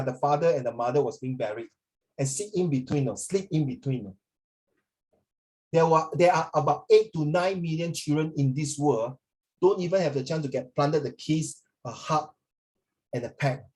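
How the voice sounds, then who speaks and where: Rambling male teacher, slightly high voice. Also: a little mellow. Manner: rambling, often checks in with students; mixes in Mandarin phrases. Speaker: English teacher. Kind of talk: classroom lecture.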